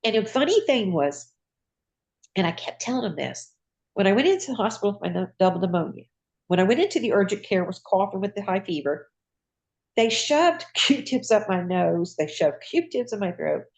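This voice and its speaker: A woman's voice: mid-range voice, big pitch swings, normal speed, creaky, a little mellow. An older woman, a retired nurse, telling her story in a casual interview, acting out dialogue and laughing often.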